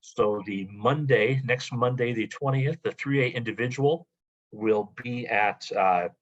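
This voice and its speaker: A man's voice: mid-range voice, measured pace, muffled recording. A man briefing coaches in a webinar, methodical and full of "uh" and "um" fillers. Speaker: athletic association administrator. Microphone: video call.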